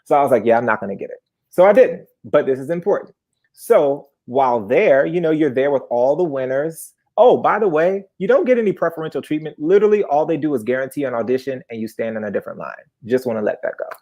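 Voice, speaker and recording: Young man in his 20s, live storyteller, chatty and animated, mid-pitched voice. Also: fast. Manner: animated, chatty, jumps into high-pitched bursts.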